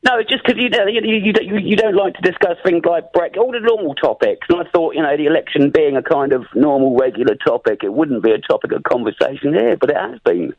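A man's voice: fairly high pitch, expressive, quick pace, hardly any pauses, no echo. A male caller on a radio phone-in who speaks in stiff, formal, wordy phrases. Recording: dull phone-line sound.

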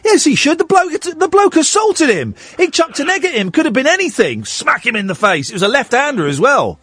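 Male phone-in host, high voice, sardonic late-night chat. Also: a little fast, no echo. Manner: sarcastic, animated, laughs at own stories.

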